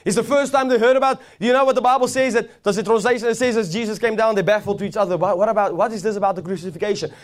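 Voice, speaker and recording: A man's voice: high voice, steady tone, rapid-fire, hardly any pauses. A man preaching a sermon with fervor, repeating phrases and building intensity as he goes. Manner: fervent, rising and swelling as he preaches, with repeated phrases.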